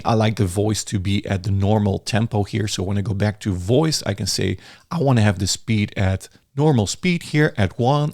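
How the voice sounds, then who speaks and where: A man giving a relaxed, chatty software tutorial, sometimes restarting his words. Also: fairly low pitch, no echo, studio quality. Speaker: software reviewer. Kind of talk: casual screen-recorded tutorial.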